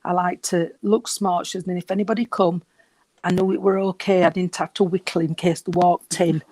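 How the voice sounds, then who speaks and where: A man giving a reading at a service, gentle and reassuring, and short of breath. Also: high-pitched, level tone, brisk, no room sound. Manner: gentle, reassuring, calls people sweetheart. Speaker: spiritualist medium.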